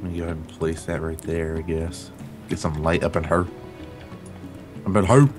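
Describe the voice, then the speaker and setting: A man's voice: sits low, level tone, normal speed, over music. A young man playing a game with friends, teasing them and narrating his own moves. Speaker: gamer. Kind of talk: casual gaming chat.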